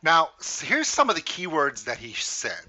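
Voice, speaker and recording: A man's voice: on the high side, huge pitch swings, moderate pace, pushed and bright. A man from Louisiana hosting a reaction video, giving emphatic casual commentary with rhetorical questions.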